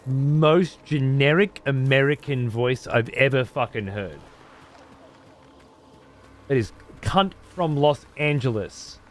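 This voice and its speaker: A man's voice: medium pitch, takes it slowly. A man giving casual gameplay commentary as a streamer, profane and sarcastic.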